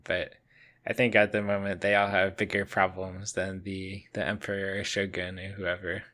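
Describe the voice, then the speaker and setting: A man's voice: low-pitched, flat delivery, normal speed, sharp tone. A man co-hosting a casual anime podcast, laid-back with short replies and dry humor. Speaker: podcast co-host. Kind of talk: casual chat about anime.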